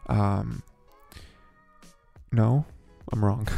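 A man's voice: mid-range voice, normal speed, vocal fry, dark tone, faint music behind. A young man hosting a podcast, talking in a rambling, filler-heavy, exasperated way. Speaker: podcast host. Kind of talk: casual commentary.

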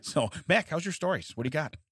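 A man's voice: a little high, expressive, fast talker, a bit bright, husky, no room sound, clean studio sound. A man co-hosting a podcast in casual chat, cracking jokes and laughing often. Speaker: podcast co-host.

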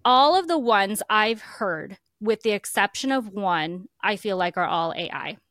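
A woman's voice: medium pitch, lively intonation, unhurried, fairly bright tone, dry recording, clean studio sound. A woman co-hosting a casual podcast, earnest and rambling, talking with feeling. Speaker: podcast co-host. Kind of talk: casual chat.

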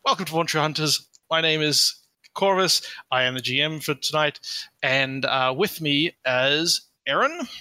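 A man's voice: on the high side, expressive, normal speed, sharp tone, no room sound. A man running a tabletop game as game master, narrating the scene in a casual, meandering way and often correcting himself. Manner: casual, meandering descriptions with frequent self-corrections.

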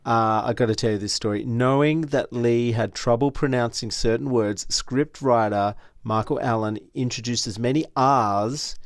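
A man with a middle-pitched voice shares film trivia on a podcast and laughs readily. He is heard up close on a dry mic. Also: moderate pace, few pauses, no room sound. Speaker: podcast co-host. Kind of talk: casual film discussion.

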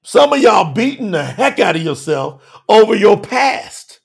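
A man preaching a sermon with emphasis, moving between shouted lines and quiet low asides. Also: sing-song, unhurried, vocal fry, husky.

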